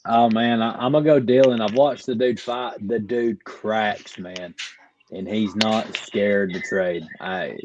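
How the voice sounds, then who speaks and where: A man's voice: lowish voice, fairly even intonation, a little slow, crowd noise. A man on a panel giving his picks in casual chat, hesitant and repeating words. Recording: dull lo-fi sound.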